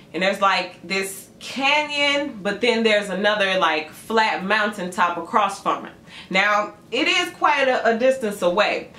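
A woman doing a casual tarot reading for her channel, chatty and animated as she tells a story. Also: a little high. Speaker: tarot reader. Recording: echoey room with faint noise.

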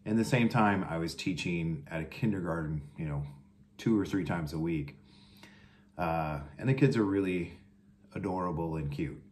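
A middle-aged man telling a funny teaching story to his viewers in a casual chat, getting animated as he goes. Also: normal speed, a little hiss or hum. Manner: animated, jumps high when quoting kids. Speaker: vlogger.

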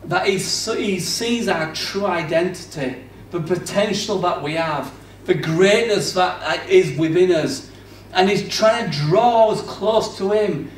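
A man preaching a sermon in a conversational manner, swinging between loud bursts and hushed passages. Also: sits high, slow pace, recorded from a distance, a little hiss or hum. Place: church hall. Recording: roomy, off-mic church recording.

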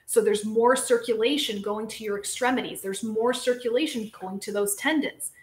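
A lively, chatty physical therapist hosts a casual live-stream question session, her voice sitting a little high at a normal speed. She keeps turning to address her viewers as she talks. A noticeable room echo surrounds her voice.

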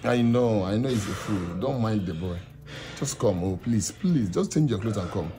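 A man's voice: fairly low pitch, expressive, moderate pace, over music, natural voice. An actor with a Nigerian accent playing a desperate young man who keeps begging and coaxing his girlfriend. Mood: pleading. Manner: pleading, coaxing. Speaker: pleading boyfriend. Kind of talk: Nollywood drama acting.

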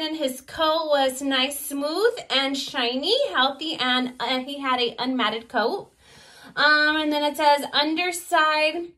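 A woman talking casually to her followers in a pet vlog, rambling with ums and likes. Her voice sits high and sounds bright and lively. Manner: chatty, with many fillers. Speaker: vlogger.

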